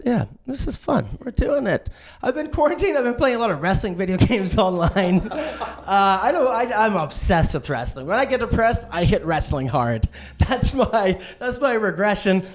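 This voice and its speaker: A man doing a stand-up set, manic and swearing, who acts out other people's lines in a shrill voice. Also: very animated, moderate pace. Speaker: stand-up comedian. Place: online streamed show.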